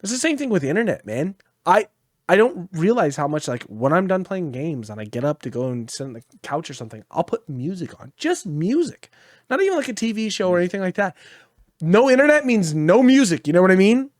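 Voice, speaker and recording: A man's voice: high voice, big pitch swings, brisk, dry recording, studio quality. A tired man co-hosting a podcast in casual chat, rambling and swearing freely. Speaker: podcast co-host.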